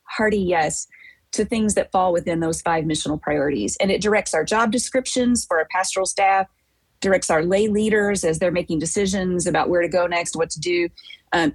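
A woman's voice: lowish voice, breathy edge, no room sound, poor audio. A woman pastor talking firmly and directly in an earnest podcast conversation.

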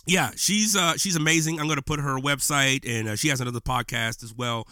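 Fired-up male podcast host, bright voice. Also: medium pitch, fairly quick, dry recording, studio quality. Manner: impassioned, preachy, loose and slangy. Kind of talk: casual podcast monologue. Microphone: podcast microphone.

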